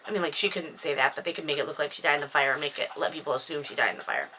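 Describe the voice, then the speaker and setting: A woman in her thirties chats at home into a camera, wandering off into self-mocking asides as she recaps her own novel. Her voice sits low yet sounds bright and forward. The talk stays loose and unscripted. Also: fast, slight background noise. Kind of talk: casual chatty book recap to camera. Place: at home indoors, dog nearby. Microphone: camera microphone.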